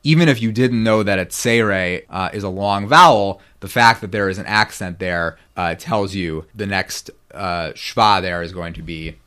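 A man's voice: sits low, normal speed, few pauses, fairly bright tone, clear, resonant tone. A man lecturing on biblical Hebrew grammar in a rambling, self-correcting way. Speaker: guest scholar.

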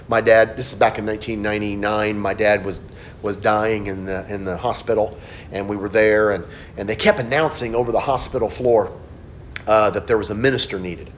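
A middle-aged man preaching a sermon as pastor, telling stories and swinging between hushed, low passages and animated outbursts. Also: slight background noise.

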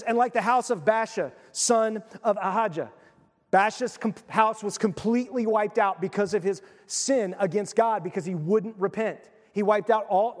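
A man preaching a sermon, retelling a Bible story with animated, casual acted-out voices. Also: high-pitched, big-room sound. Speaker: pastor.

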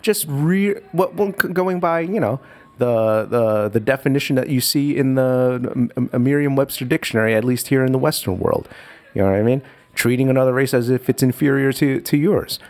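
Animated storytelling man, casual chat. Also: mid-range voice, moderate pace. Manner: animated, lots of restarts, acts out voices.

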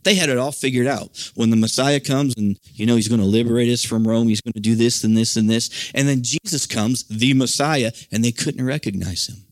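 A man's voice: medium pitch, steady tone, brisk, hardly any pauses, no echo, studio quality. An American man preaching a sermon in an earnest, conversational way, full of "you know" and restarts. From United States. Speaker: pastor.

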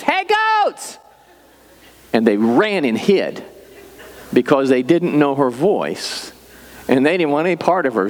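Older male pastor preaching in a hall. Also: mid-range voice. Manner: conversational storytelling preacher. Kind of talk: sermon.

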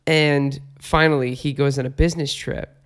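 A man's voice: a little high, flat delivery, moderate pace. A man hosting a podcast, telling stories casually in a laid-back way and swearing freely. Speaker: podcast host.

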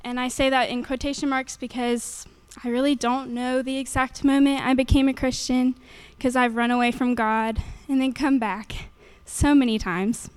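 A woman's voice: high-pitched, steady tone, normal speed, few pauses, a little mellow, clean tone. A young woman giving a nervous, earnest faith testimony into a handheld microphone at a church gathering, with many fillers.

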